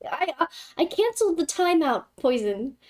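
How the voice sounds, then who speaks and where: Giggly high-voiced woman streamer. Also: big pitch swings, moderate pace. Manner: giggly, dramatic, playful scolding. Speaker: livestream host. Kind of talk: casual livestream chat with viewers.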